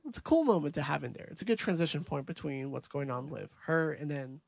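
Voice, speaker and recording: A man's voice: fairly high pitch, lively intonation, fast talker, gravelly, no room sound. A man co-hosting a podcast, casually recapping a movie's scenes from his notes. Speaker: podcast co-host.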